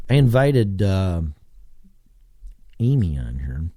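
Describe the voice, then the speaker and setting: A man's voice: low voice, very animated, slow pace, mellow, no room sound, clean studio sound. An American man hosting a solo podcast, talking casually and rambling with many fillers. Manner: casual, digressive, lots of fillers. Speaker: podcast host.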